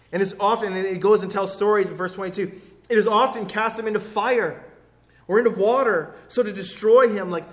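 Earnest high-voiced male preacher. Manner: earnest, conversational, with fillers and restarts, dropping soft for quoted pleas. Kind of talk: sermon.

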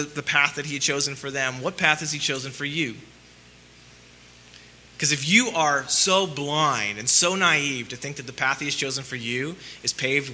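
A man preaching a sermon, asking rhetorical questions and swinging between loud emphasis and quiet, low lines. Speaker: pastor.

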